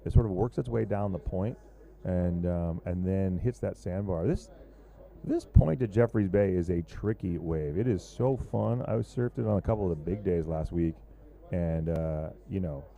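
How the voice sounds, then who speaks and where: Deep, dark-voiced surf commentator man. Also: moderate pace, creaky, muffled recording. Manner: loose, joking, rambling with fillers. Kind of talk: live sports commentary.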